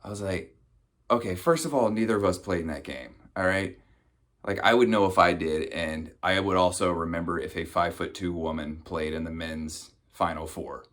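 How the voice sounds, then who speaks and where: A man's voice: deep voice, fairly even intonation, normal speed, fairly bright tone. A man in his thirties from the United States doing a stand-up comedy set, telling conversational stories and acting out the people in them. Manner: conversational storytelling, acts out quoted people. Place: home, recorded for a virtual show.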